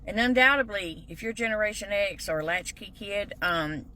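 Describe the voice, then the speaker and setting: A woman's voice: medium pitch, lively intonation, moderate pace, sharp tone. A middle-aged woman, telling sassy, folksy stories in a casual comedic monologue. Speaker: vlogger.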